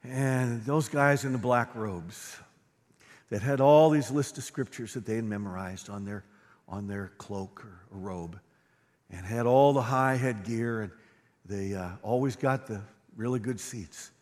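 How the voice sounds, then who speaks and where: A middle-aged male pastor preaching a sermon, swinging from quiet, low lines to loud, fervent ones. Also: measured pace. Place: church sanctuary. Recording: long reverb of a large hall.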